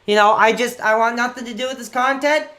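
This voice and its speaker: A man hosting a live call-in stream in a rambling, quick-tempered, often exasperated way. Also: extremely high pitch, sharp tone.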